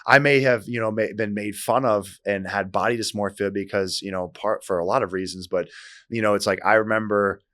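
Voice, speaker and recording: Male podcast host with a low, dry voice. Animated, rambling storyteller. Close-miked and casual. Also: brisk, no room sound. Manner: animated storyteller, many fillers.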